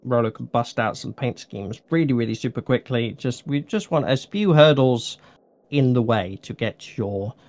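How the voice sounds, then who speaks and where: A man hosting a relaxed hobby podcast, rambling and restarting his sentences with a joking tone. His voice sits at an ordinary middle pitch and sounds dry and close, with no room echo. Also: normal speed. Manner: rambling, self-correcting, jokey. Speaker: podcast host. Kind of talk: casual chat.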